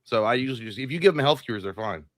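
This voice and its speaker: A man's voice: mid-range voice, very fast, dry recording, studio quality. A man co-hosting a live movie show, chatting casually and acting out quotes as he tells stories. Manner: excited storyteller, acts out quotes. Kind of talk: casual chat.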